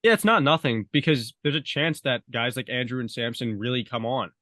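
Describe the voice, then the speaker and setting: A man of middle pitch joins a podcast by remote call from home, his voice dry and close. He hesitates, restarts his sentences and softens his opinions as he goes. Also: brisk, no echo. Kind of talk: casual podcast chat.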